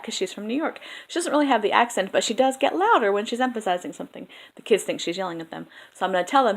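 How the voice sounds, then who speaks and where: A woman drama teacher talking through a lesson plan in a casual, chatty way, full of ums, pausing to demonstrate vowel sounds. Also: medium pitch, animated.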